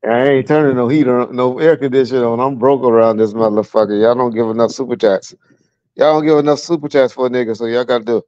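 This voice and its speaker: Speaking quickly in a steady, mid-range voice that is a little mellow and smooth, a middle-aged Southern California man tells blunt, profane police stories with a chuckle as a guest on a casual livestream. He's at home with a fan running, and the recording is dry and muffled.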